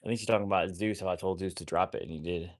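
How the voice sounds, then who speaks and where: A man's voice: sits low, steady tone, very fast. A man, talking to his wolfdogs in a casual vlog. He scolds them with slang and swearing, saying how crazy they are. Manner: scolding animals, swearing, repeats "that's crazy, bro". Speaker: wolfdog rescuer and live streamer. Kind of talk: casual vlog talk to dogs and viewers.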